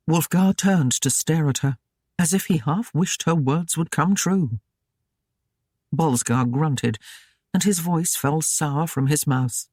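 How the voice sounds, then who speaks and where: Audiobook narrator, scripted narration, steady even delivery, mid pitch, close dry studio mic. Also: slow, dry recording.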